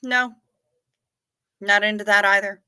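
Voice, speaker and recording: A woman hosting a casual livestream, chatting and reacting to comments with quick asides. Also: medium pitch, steady tone, sharp tone, clean tone, no room sound. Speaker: livestream host reading chat. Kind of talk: casual chat.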